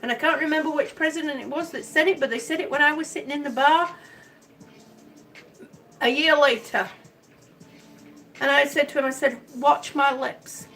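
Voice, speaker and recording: High-voiced older woman, rambling storyteller. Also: moderate pace, pauses often, fairly bright tone, far from the mic, faint music behind, low-quality recording. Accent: mixed American Southern and Midwestern. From Miami. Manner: chatty storyteller, rambling with restarts. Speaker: vlogger. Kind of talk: casual chat.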